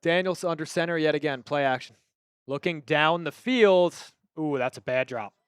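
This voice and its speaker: On his live football watch-party stream, a host from Long Island, New York calls plays and chats casually, reading viewer messages aloud. He speaks smoothly at a moderate pace, his voice a little high. There's no echo.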